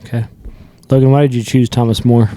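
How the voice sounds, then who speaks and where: A man hosting a casual podcast interview, easygoing, laughing often and asking quick follow-up questions. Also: medium pitch, level tone, warm tone, a little hiss or hum. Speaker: podcast host.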